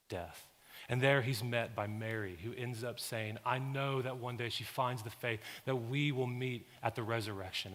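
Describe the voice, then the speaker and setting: A male pastor preaching a sermon, moving from calm, measured teaching to loud, intense exhortation. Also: lowish voice. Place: church sanctuary. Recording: long hall reverb.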